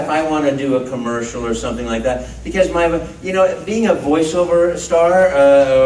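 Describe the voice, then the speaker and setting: Male voice actor, panel Q&A, lively storyteller, caught from far off on a phone mic with faint hum behind. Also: medium pitch. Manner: animated, playful, acts out quoted dialogue. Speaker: voice actor, convention panel guest. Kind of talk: storytelling Q&A with an audience. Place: large convention hall. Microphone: phone recording from the audience. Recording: echoey hall, distant phone mic.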